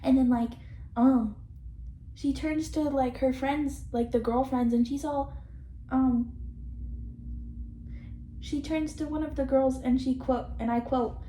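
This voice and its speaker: This young vlogger's voice sits high and dark, with a steady tone; she takes things slowly and pauses often. She rambles in casual commentary, frequently swearing, mocking and laughing. A camera mic picked her up in a room that echoes, with faint background noise.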